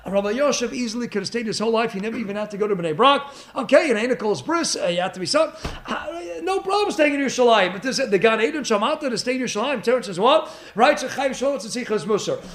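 A man giving an animated Torah lecture, full of rhetorical questions and Hebrew terms. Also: very high-pitched, quick pace, roomy sound. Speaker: rabbi giving a Torah class.

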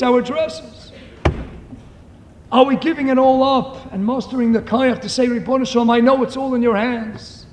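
A man giving an impassioned sermon full of stories that rises to shouts. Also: very high voice, slight background noise. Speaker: preacher. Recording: echoey hall, faint ambience.

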